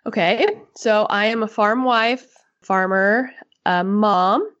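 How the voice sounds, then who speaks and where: A woman from Northwest Kansas talks about her farm in a casual, plainspoken way. Her voice sits in a middle pitch. The sound is dry and a little dull, like remote call audio. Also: slow, a bit bright, no room sound. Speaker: podcast guest, farmer. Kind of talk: interview answers.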